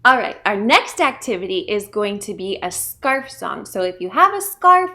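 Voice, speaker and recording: A woman's voice: medium pitch, very animated, moderate pace, pushed and bright. A woman, a children's librarian, leading a pre-k story time and talking directly to small children in a playful, encouraging way. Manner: playful, acts out animals.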